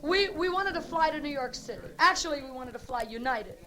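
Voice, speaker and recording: Brassy high-voiced woman doing stand-up. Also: expressive, fairly quick. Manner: brassy, teasing, bawdy punchlines. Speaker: stand-up comedian working the crowd. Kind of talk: live stand-up comedy with audience banter. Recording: live club recording with loud crowd.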